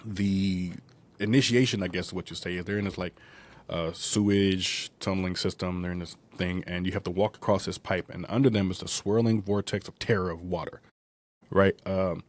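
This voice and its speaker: A man's voice: low voice, fairly even intonation, a little mellow. A man hosting a casual movie review podcast, rambling through a plot recap with lots of fillers and asides. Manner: rambling, digressive retelling with many fillers; drops into quick character voices while recapping. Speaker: podcast host.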